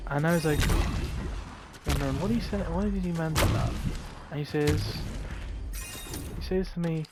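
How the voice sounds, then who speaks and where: A man slowly telling a heartfelt story in an earnest way, often repeating his phrases. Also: a little high, background noise. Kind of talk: storytelling monologue over gameplay.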